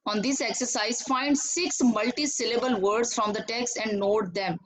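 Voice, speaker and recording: A woman teaching an online class to young pupils, slowly repeating words and clapping out syllables. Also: on the high side, steady tone, rough recording. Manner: slow, repetitive, clapping out syllables.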